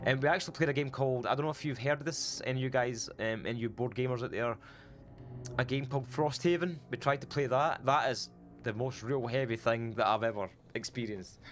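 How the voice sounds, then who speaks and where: A man's voice: mid-range voice, fast talker, soft background music. A man with a Falkirk Scottish accent streaming a game and chatting to his viewers in a rambling, casual way. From Scotland. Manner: rambling, chatty, talks to chat. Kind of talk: casual gameplay chat.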